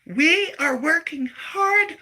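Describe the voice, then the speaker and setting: A man putting on a mocking impression of a prim female politician, speaking slowly and talking down as if to children. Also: very high-pitched, animated, sharp tone, voice pushed up, heavily acted. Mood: mocking, condescending. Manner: slow, drawn-out, talking down as if to children. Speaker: vlogger.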